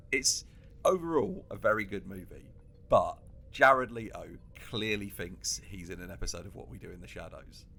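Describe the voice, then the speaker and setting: Animated, bright-voiced man ranting on a comedy podcast. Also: medium pitch. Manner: animated ranting, laughs often between points. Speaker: podcast co-host. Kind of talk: casual comedy podcast banter.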